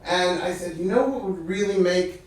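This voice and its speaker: Animated male comedian in an echoey hall. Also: sits high, moderate pace. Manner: animated, acts out other people's voices. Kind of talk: stand-up storytelling. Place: stage in a hall. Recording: echoey hall, distant mic.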